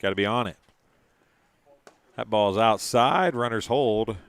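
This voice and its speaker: A man doing casual live play-by-play commentary, chatty and quick to laugh between calls. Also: on the low side, clear, resonant tone, no room sound.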